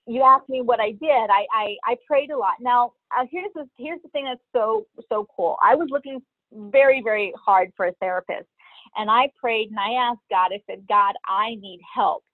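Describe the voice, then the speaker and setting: A middle-aged woman telling her own story as an interview guest, hesitant and pausing often between her thoughts. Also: fairly high pitch, dry recording. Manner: hesitant, many pauses and fillers. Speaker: guest sharing personal story. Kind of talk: candid personal storytelling. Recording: tinny phone-like line, dry.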